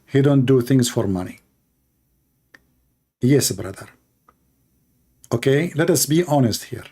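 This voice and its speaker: Warm-toned and slightly rough, a man's mid-range voice runs fairly quickly and expressively as he reacts to a video on his channel. The live commentary is mocking and sarcastic, phrased like a non-native English speaker.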